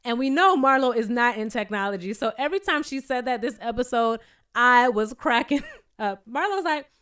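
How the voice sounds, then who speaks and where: A sassy young woman talks through a reality show recap in a casual, chatty way. Her voice sits a little high and sounds smooth and clear. She jumps into higher voices to act out the cast's lines. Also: animated, moderate pace, fairly bright tone.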